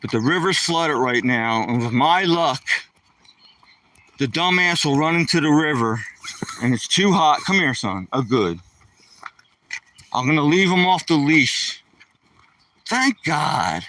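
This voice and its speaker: A man's voice: a little high, animated, a little slow, long pauses, sharp tone, recorded from a distance, a little hiss or hum. A man chatting casually while walking his dog outdoors, rambling and joking to the dog and the camera. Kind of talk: casual vlog chat.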